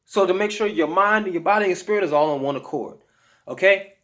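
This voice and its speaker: A man's voice: high-pitched, fast talker, a bit bright. Emphatic slangy man giving diet tips. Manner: emphatic, slangy, repeats "okay?" to check in. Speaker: health vlogger. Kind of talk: casual motivational talk to camera.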